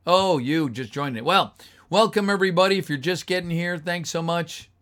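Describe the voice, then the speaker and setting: A man's voice: fairly high pitch, moderate pace, fairly bright tone. A man chatting casually with his livestream viewers, reading their messages aloud and greeting them, his voice a little tired. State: voice getting tired. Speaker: voice actor reading a script on a livestream.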